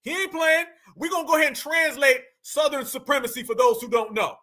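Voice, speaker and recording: Reaction host, male, high and piercingly bright, slangy and loud asides. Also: fairly quick. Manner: slangy, exclaiming, laughing asides. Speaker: commentary host. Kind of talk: reaction commentary.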